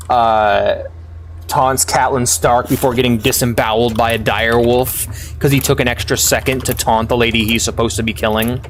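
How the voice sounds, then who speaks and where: A male streamer giving live commentary on a game, venting loudly with a stream of profanity. His voice sits in an ordinary middle register, and he trips over his words in repeated restarts as his frustration builds. Faint background noise sits under the voice. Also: mid-range voice. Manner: exasperated profane ranting with frequent stammered restarts.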